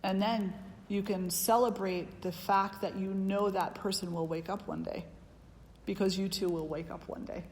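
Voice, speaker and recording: A woman's voice: mid-range voice, steady tone, normal speed, a little mellow. Earnest woman teaching in a reverberant hall. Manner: earnest, emphatic, repeats key phrases. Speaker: spiritual teacher. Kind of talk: spiritual teaching talk. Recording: long reverb hall with faint background noise.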